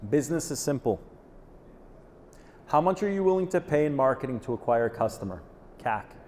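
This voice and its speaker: A man's voice: mid-range voice, darkish tone. A man giving a live conference talk, punchy and direct, often checking in with "okay?" after a point. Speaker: conference presenter. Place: conference hall. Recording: reverberant hall, faint noise.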